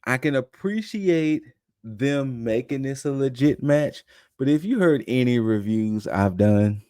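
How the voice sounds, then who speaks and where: A man's voice: medium pitch, animated, unhurried, warm tone, no echo. A young adult man co-hosting a podcast, casually recapping events in a loose, conversational way and acting out quotes in passing. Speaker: podcast co-host recapping wrestling.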